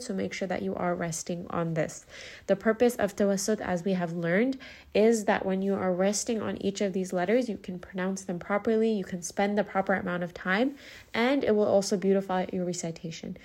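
A woman teaching Quran recitation rules in a calm, methodical way, pausing to model words slowly. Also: medium pitch. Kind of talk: tajweed lesson, explaining and modelling recitation.

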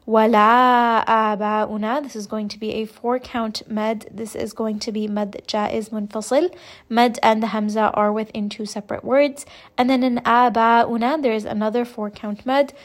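A young woman teaching Quran recitation rules, explaining each point slowly and patiently. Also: a little high, steady tone. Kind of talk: step-by-step tajweed lesson.

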